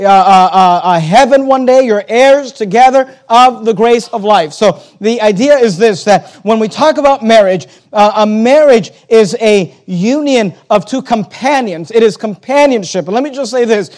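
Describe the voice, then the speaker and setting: A high-pitched man preaching to his congregation. He is emphatic and conversational, repeating key phrases for weight and speaking straight to the listeners in the pews. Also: normal speed, hardly any pauses, darkish tone. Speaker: pastor. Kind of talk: sermon.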